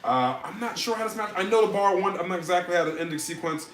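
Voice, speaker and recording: A man's voice: high voice, expressive, fast talker, a bit bright, reverberant. A man hosting a casual podcast chat, rambling and sarcastic, with frequent restarts. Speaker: podcast host.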